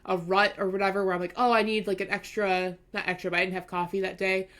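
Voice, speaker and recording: A woman's voice: medium pitch, flat delivery, fast, fairly bright tone. Woman podcast cohost, casual chat, rambly with lots of likes, giggles a bunch. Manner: rambling, filler-heavy, giggly. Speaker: podcast co-host.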